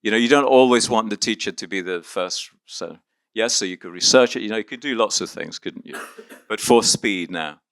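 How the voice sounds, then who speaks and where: A man's voice: lowish voice, a little fast, a bit bright, no room sound. A man from Argentina leading an interactive teaching workshop, upbeat and encouraging as he coaxes volunteers along.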